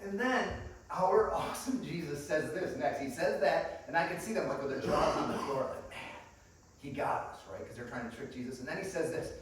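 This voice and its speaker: A man preaches with lively, enthusiastic warmth, laughing and addressing the congregation as friends. His voice sits a bit high. The sound comes from a distance with heavy church-hall echo and a faint hiss behind it. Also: brisk. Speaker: guest preacher. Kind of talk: sermon. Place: church sanctuary. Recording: echoey room picked up from a distance.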